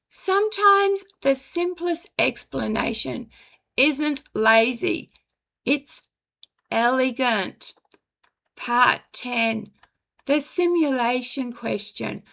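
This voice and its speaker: A woman reading a slow, measured commentary script, her voice dry and now and then stumbling over words. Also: high-pitched, vocal fry, fairly bright tone. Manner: measured, deliberate, apologizes for stumbling. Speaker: commentary video host.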